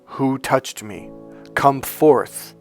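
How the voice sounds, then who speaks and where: A man voicing a calm, gentle Jesus in a slow, soft, solemn way while retelling a story. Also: lowish voice, faint music behind.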